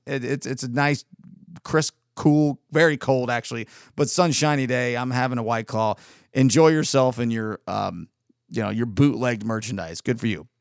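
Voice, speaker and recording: A man's voice: mid-range voice, smooth, dry recording. Rambling, exasperated man, dry close sound. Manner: rambling, exasperated, frequent restarts. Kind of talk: casual monologue.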